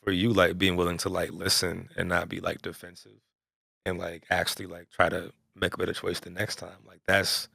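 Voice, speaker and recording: A man's voice: sits low, monotone, a little fast, gravelly, bright, forceful tone, breathy edge, no room sound, studio quality. A man speaking as a podcast guest in casual chat, reflective and using many fillers.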